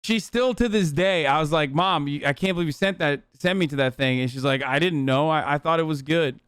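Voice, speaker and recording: A man's voice: fairly high pitch, brisk, a bit bright, clean tone, no room sound. A man streaming live, reacting to a video with rambling, profane, emphatic commentary.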